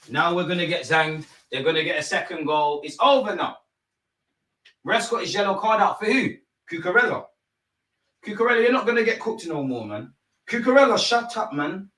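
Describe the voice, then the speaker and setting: A young man reacts live to a football match, excitable and loud, calling out players and the referee in street slang. His voice swings from bursts of shouting to low grumbling. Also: brisk. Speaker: football watch-along host.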